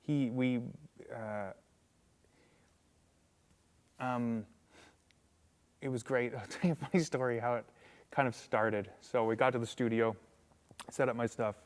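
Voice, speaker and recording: A man's voice: mid-range voice, moderate pace, pauses often. A man, a guest musician, telling stories in a casual interview, filling them with "like" and acting out the people in them. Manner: animated, acts out voices in anecdotes, many fillers.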